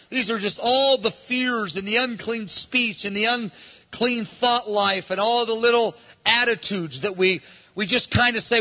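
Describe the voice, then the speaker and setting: A man's voice: high voice, normal speed, sharp tone, lo-fi sound. A man preaching a sermon in an earnest manner, acting out dialogue and repeating phrases, recorded in a large church hall. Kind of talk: sermon teaching.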